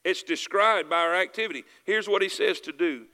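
A man's voice: high-pitched, fairly quick, sharp tone. A man with a Southern US accent preaching a sermon, calling out for amens and repeating his phrases for emphasis. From Southern United States. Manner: calls for "amen" and "y'all with me", repeats phrases for emphasis. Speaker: pastor. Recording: preaching in a reverberant hall.

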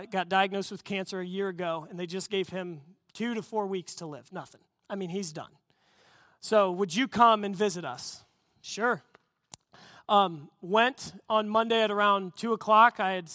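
Bright-voiced earnest male pastor. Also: sits high, no echo, studio quality. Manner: earnest storytelling preacher, rising to excited emphasis. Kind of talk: sermon.

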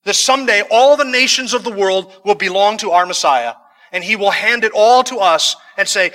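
A man's voice: sits high, normal speed, sharp tone, in a large hall. A man preaching a sermon, reading scripture verses and then explaining them in conversational asides with some humor. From United States. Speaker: pastor.

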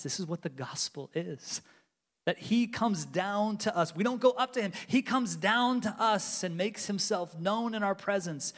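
Brief: man in his 40s, pastor, sermon delivery, fairly high voice, long church-hall reverb, urgent then hushed. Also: normal speed. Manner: swings between loud urgency and hushed near-whispers. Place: large church sanctuary.

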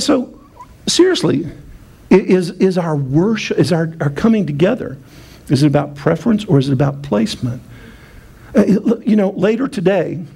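A man preaching a sermon in a high voice with a gravelly, fry-laden edge. He teases the congregation, calls for them to answer back, and stumbles through restarts as he goes. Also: darkish tone. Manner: playful, self-mocking preaching with call-and-response. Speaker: pastor.

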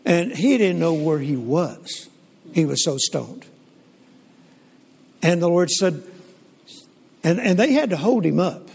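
An older man, telling stories in a folksy, animated sermon with frequent restarts. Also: fairly high pitch, slow pace, gravelly, pauses often, slightly rough. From Southern United States. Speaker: preacher. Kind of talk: sermon storytelling. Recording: long hall reverb.

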